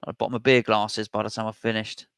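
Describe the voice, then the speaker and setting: A man's voice: on the low side, level tone, fairly quick, a bit bright, smooth, dry recording. A man hosting a casual live stream, chatting and reading out viewer comments as he replies. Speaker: host reading live chat.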